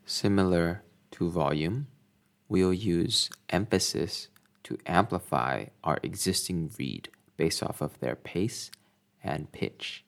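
A man giving a scripted lesson in a measured, deliberate way. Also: low-pitched, gravelly. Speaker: instructor.

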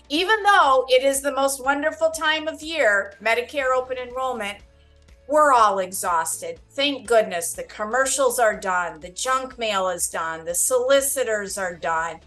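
A woman hosting a Medicare podcast in an upbeat, reassuring monologue, expressive and playfully dramatic as she talks listeners through their worries. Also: mid-range voice. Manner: expressive, playfully dramatizes panic then soothes. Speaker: podcast host and Medicare advisor.

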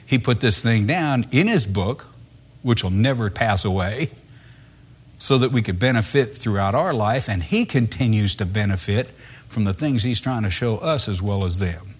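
A man preaching a sermon in a lively, conversational way, reading scripture and then explaining it with laughter and acted-out voices. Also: on the low side, normal speed, slightly rough.

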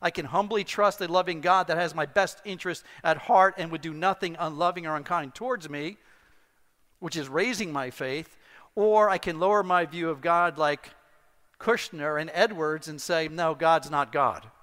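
A middle-aged male pastor preaching a sermon, telling a personal story with animated, self-deprecating humor. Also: on the high side, moderate pace. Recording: long hall reverb.

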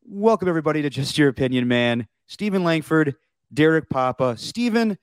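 A man's voice: fairly high pitch, animated, fairly quick, clean tone, dry recording, clean studio sound. A man co-hosting a podcast in casual sports chat, jokey and prone to silly impressions. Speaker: podcast co-host.

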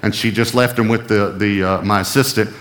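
A male pastor preaching a sermon with emphasis, who slows right down to read scripture and keeps checking with his audience. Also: lowish voice, steady tone, a bit bright, in a large hall.

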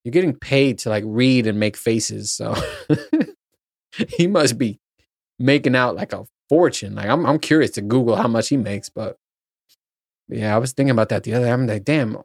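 A man's voice: mid-range voice, lively intonation, moderate pace, vocal fry, pauses often, no room sound, studio quality. A man hosting a podcast alone, rambling in a casual chat and swearing freely. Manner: rambling, profane, laughs at his own points. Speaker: podcast host.

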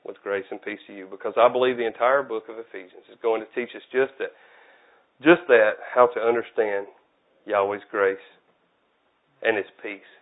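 Tinny, phone-like audio captures a man preaching in church with a fairly low, steady voice at a moderate pace. His sermon is casual and conversational, folksy and self-deprecating.

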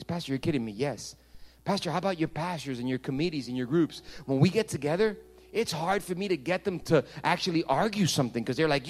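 A man's voice: medium pitch, slightly rough. Man preaching a dynamic sermon. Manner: dynamic preaching, swings from loud to hushed. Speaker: pastor.

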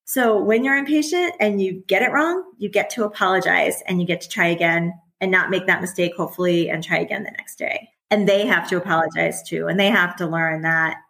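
A woman's voice: on the low side, fairly quick, gravelly, hardly any pauses, fairly bright tone, poor audio. A woman in her forties, a former teacher and parent, talking candidly as a podcast guest, chatty and often laughing. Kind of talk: casual conversational interview.

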